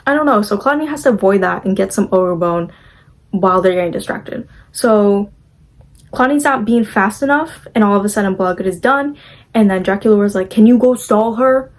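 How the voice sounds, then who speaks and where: A woman's voice: medium pitch, normal speed, poor audio. A young woman casually recapping a movie, chatty and gushing, acting out the characters' lines as she goes.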